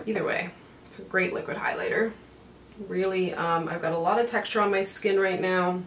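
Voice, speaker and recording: A woman's voice: lowish voice, steady tone, moderate pace. A woman chatting casually through a makeup tutorial, rambling with self-mocking asides. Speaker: beauty vlogger. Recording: roomy, mic set back, faint hiss.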